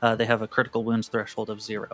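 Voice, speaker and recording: A man running a tabletop roleplaying game as game master, relaxed and hesitant with lots of ums. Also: fairly low pitch, rapid-fire, soft background music.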